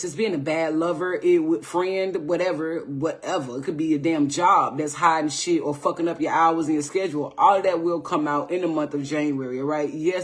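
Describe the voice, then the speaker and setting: A woman from the United States giving a live tarot reading on a livestream, playful and animated, swearing freely and checking in with "all right?" after her points. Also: deep voice. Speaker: tarot reader hosting a livestream.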